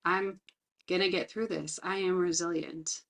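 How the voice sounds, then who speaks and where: A middle-aged woman trainer, speaking in an earnest, reflective way about her own life and teaching skills, slowing down to stress key words. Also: on the low side, fairly even intonation, gravelly, fairly bright tone. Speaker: resilience trainer. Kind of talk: personal talk with teaching.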